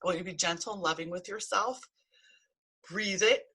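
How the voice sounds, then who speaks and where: A woman's voice: lowish voice, fairly quick, bright, forceful tone, slightly rough. A middle-aged woman, a healing practitioner and coach, giving a blunt, emphatic motivational talk to camera and swearing freely.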